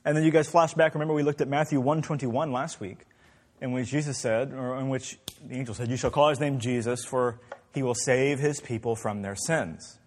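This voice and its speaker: A man's voice: mid-range voice, steady tone, fairly quick, big-room sound. A man leading an interactive Bible class, asking the group many questions in a conversational way. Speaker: Bible study teacher.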